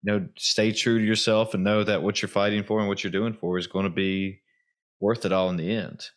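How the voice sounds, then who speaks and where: A man hosting a casual chat, relaxed and encouraging, with many filler phrases. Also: lowish voice, fairly quick.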